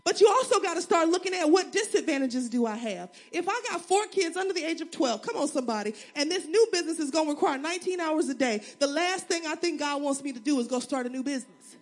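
A woman pastor preaching a sermon, acting out voices in her stories and building to shouts. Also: high-pitched, animated, fast, hardly any pauses.

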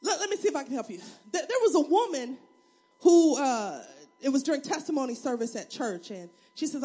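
A woman pastor preaching a sermon, acting out voices in her stories and building to shouts. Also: high voice, lively intonation, brisk.

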